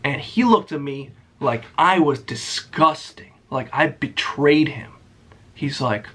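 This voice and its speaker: A man's voice: fairly high pitch, animated, slow, fairly bright tone, breathy edge. Blunt, profane young man ranting. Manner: sarcastic. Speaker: YouTuber. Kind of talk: storytime rant.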